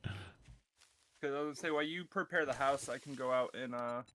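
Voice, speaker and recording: A man's voice: mid-range voice, moderate pace, crowd noise. A man co-playing a game on a stream, talking casually with a few stammers and swears. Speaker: co-player on a stream. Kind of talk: casual gaming chat.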